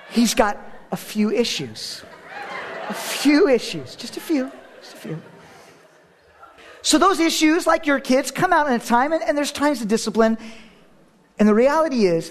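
A man in his thirties preaching a sermon as a pastor. He tells stories with self-deprecating humor and sudden drops to a hush. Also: sits high.

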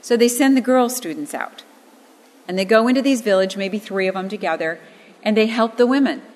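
An earnest woman teaches scripture, telling stories with emphatic weight on key phrases. Her voice sits at a middling pitch and rings out with a long hall reverb. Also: animated, brisk, a little mellow. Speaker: Bible teacher. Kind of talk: expository Bible teaching with personal stories.

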